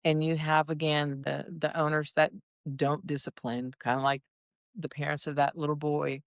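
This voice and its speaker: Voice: medium pitch, little pitch movement, normal speed, gravelly, no room sound. A dog breeder telling stories in a casual, rambling chat full of asides. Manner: chatty and rambling, with many restarts and asides.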